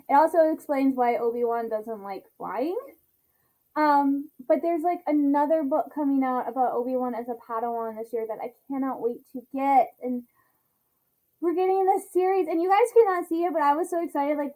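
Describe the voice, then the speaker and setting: A young woman reacting to a trailer at home, gushing and bubbly, chatting excitedly to her viewers. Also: on the high side, rough recording. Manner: gushing, bubbly, talks to viewers as "you guys". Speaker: reaction vlogger. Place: home, seated at a chair.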